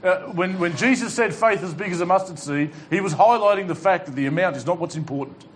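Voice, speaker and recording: A man preaches with fervent urgency to his congregation, slipping in wry jokes between his exhortations. His voice sits a little high for a man. A faint hiss of room noise runs underneath. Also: fast talker. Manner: impassioned preaching with humorous asides. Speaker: pastor. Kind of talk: sermon. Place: church hall with congregation.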